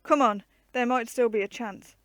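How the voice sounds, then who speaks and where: A woman voicing a gruff male woodsman who growls his words in blunt frontier speech. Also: medium pitch, flat delivery, moderate pace, no echo, natural voice. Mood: urgent.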